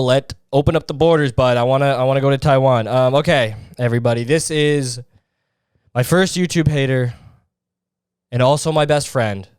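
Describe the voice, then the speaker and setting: A man's voice: medium pitch, clean tone, dry recording, clean studio sound. A man hosting a podcast, ranting in a crude, sarcastic and mocking way. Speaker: podcast host. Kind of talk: casual podcast rant.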